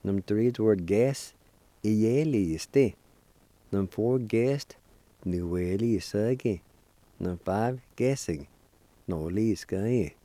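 On the low side and mellow, a man's voice leads a weekly language lesson he hosts. He spells each word out by syllable, repeats it slowly and cheers beginners on to practice, with no echo in the recording.

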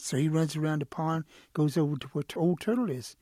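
A man telling a folk tale as a storyteller, relaxed and lively with fillers. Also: a little high, fairly quick, few pauses, no echo, studio quality.

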